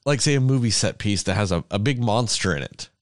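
Lively low-voiced sardonic man. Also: a little fast, no room sound, studio quality. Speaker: film podcast co-host. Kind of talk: casual film review chat.

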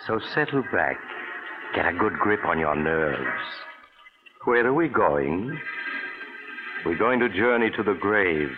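Brief: creepy train traveler narrator, very deep, tinny old radio with music. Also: male voice, sing-song, full character voice. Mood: ominous. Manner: slow, ominous, teasing delivery. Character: sinister male narrator, a mysterious traveler on a train. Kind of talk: 1940s radio acting.

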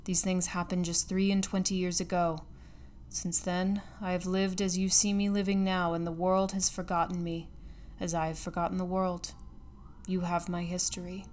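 A bitter old man of science, shut away from the world, speaks in a low, grave and measured way, voiced by a woman reading a storybook. The tone sits on the lower side. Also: little pitch movement, darkish tone, a little hiss or hum, lightly acted.

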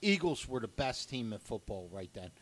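A man on a sports panel, laying out his football picks in a measured way. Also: medium pitch, big pitch swings. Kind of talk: casual sports banter.

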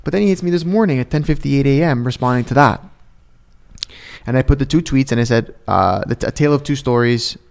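A man's voice: medium pitch, quick pace, creaky. A man chatting casually as a podcast co-host, telling a story animatedly, swearing often and acting out what others said. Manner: animated storyteller, swears a lot, acts out quotes. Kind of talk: casual chat.

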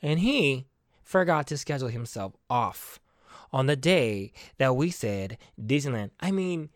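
Young woman vlogger venting to camera, fed up and foul-mouthed, pitch jumping all over, dry close sound. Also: animated, a little slow, no room sound. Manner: exasperated, profane, swings between loud and quiet; rhetorical questions to the audience. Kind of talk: casual comedic rant to camera.

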